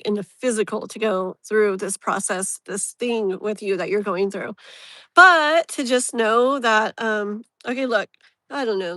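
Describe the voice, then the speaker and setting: Bright, chatty woman reading tarot. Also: mid-range voice, no room sound. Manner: rambling, filler-heavy, emotionally open. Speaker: tarot reader, live stream host. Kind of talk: casual live tarot reading.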